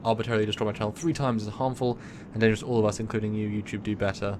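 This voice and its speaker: A man co-hosting a casual livestream chat, rambling with many restarts and quick asides. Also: on the low side, flat delivery, background noise. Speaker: co-host.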